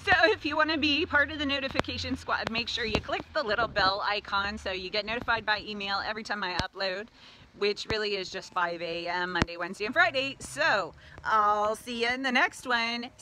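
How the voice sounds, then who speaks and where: A woman's voice: mid-range voice, a little fast, background noise. A woman vlogger telling a funny story to the camera in a chatty, laughing way. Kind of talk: casual chat to camera.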